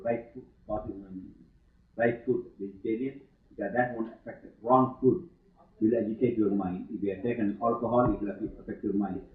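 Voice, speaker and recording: A middle-aged man giving a spiritual talk to students, halting and full of fillers, with sudden emphatic stresses. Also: fairly low pitch. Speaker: yoga teacher giving a talk. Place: ashram hall. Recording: old archive tape, echoey hall, tinny thin sound.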